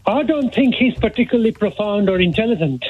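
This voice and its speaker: A male radio phone-in caller, excitable and insistent, who keeps repeating himself. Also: high-pitched, fairly quick, breathy edge. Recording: tinny phone line.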